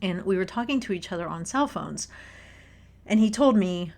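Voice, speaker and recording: A woman hosting a casual book commentary, an expressive storyteller who laughs as she talks. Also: fairly low pitch, normal speed, gravelly. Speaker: podcast host reading a book.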